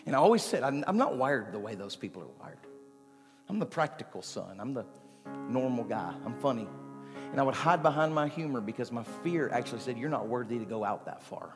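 A man preaching a sermon as pastor, animated and moving between quiet talk and shouting. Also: mid-range voice, a little fast, pauses often. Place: church sanctuary. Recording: long hall reverb with faint music.

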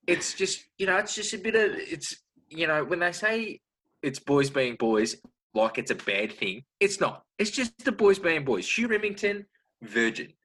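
A man's voice: fairly high pitch, sing-song, measured pace, fairly bright tone. A young Australian man on a comedy podcast, ranting crudely with sarcastic mock outrage. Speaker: podcast co-host. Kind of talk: comedic rant.

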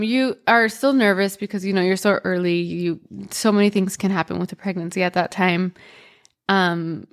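A woman talks through a personal story on her podcast in a relaxed, chatty way. She leans on "like" and "um" and shifts between quick bursts and slow pauses. Her pitch sits in an everyday middle range. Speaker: podcast host.

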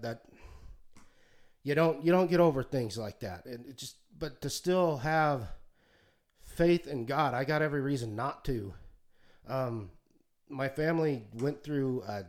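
A man giving a halting, heartfelt personal testimony, often choked up and restarting his sentences. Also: mid-range voice. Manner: halting, many restarts, gets choked up, folksy. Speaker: podcast co-host sharing testimony. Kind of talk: emotional personal testimony, sermon-like. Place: alone at home.

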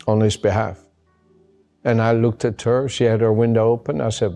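A man's voice: on the low side, flat delivery, normal speed, vocal fry, dark tone, soft background music. A man preaching a sermon as a pastor, earnest and emphatic, often repeating his key words. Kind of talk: sermon with personal story.

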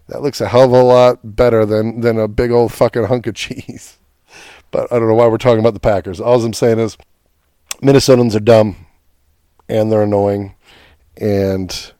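A man's voice: mid-range voice, darkish tone, no echo. A man hosting a podcast, ranting in a casual, profane and sarcastic way about his football team. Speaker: podcast host. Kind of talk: casual sports rant.

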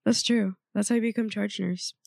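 A woman's voice: medium pitch, moderate pace, creaky, no echo. A young woman who works as an ICU nurse, chatting casually and acting out people as she tells a story. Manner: animated storyteller acting out quotes. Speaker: ICU charge nurse, podcast co-host. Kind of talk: casual chat.

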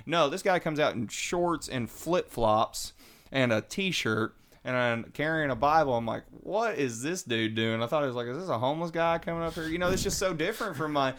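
A man telling his recovery story in casual, animated talk, acting out the voices of people he quotes. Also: mid-range voice, moderate pace. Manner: animated, acts out quoted voices, Southern colloquial.

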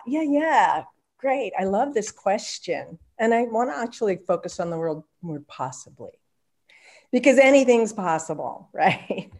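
A middle-aged woman with a lowish voice answers a podcast question. She is animated and reflective, and she laughs lightly between thoughts. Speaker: podcast guest, permaculture teacher. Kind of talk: casual interview answer.

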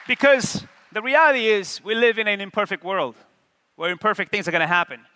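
A man preaching a sermon as pastor in a church auditorium, animated and calling on the congregation to answer back. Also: high voice, brisk, a faint crowd. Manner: animated, call-and-response with the congregation. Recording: long hall reverb.

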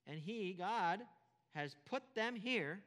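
A man's voice: high-pitched, animated, slow, a bit bright. Emphatic male pastor preaching in a hall. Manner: emphatic, repeats key phrases, rhetorical questions. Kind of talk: sermon.

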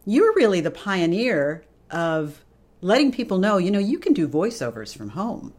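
A woman interviewing a guest, asking unhurried, encouraging questions. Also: medium pitch, very animated, a little mellow. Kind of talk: conversational interview.

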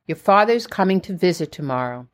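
A woman voices a fussing, anxious mother in a memoir reading, gentle but insistent. The lines stay close to her own reading voice. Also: lowish voice, expressive, brisk, close to an everyday voice.

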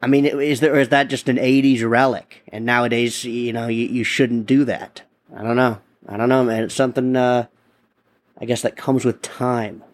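A male podcast host and stand-up comedian talks in a loose, profane monologue. His voice sits at an ordinary middle pitch, and he rambles, restarts sentences and swears freely as he rants. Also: level tone, moderate pace.

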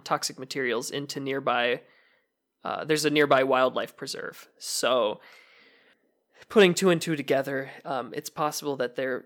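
A man's voice: mid-range voice, fairly bright tone. Hesitant man from Michigan, casual chat. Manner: hesitant, lots of fillers and restarts. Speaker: podcast co-host.

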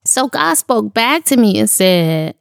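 A woman's voice: on the high side, vocal fry, no room sound. A woman speaking in a studio, giving a candid, emotional devotional talk to her audience in a casual, slangy way.

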